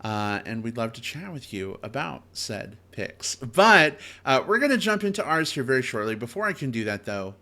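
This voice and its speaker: A man's voice: medium pitch, very animated, normal speed, few pauses, pushed and bright. A man hosting a casual movie podcast, upbeat and chatty with frequent filler sounds. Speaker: podcast host.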